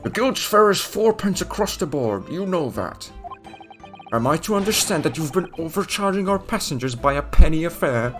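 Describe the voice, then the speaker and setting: A man putting on a loud, scolding guildmaster. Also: a little high, sing-song, moderate pace, faint music behind, voice pushed up. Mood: stern. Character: stern male guildmaster, scolding.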